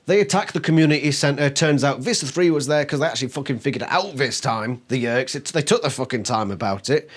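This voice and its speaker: A man's voice: medium pitch, expressive, fast, few pauses. A man reviewing a book on camera, exasperated and swearing constantly, mocking the characters by acting out their lines. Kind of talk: ranting video review.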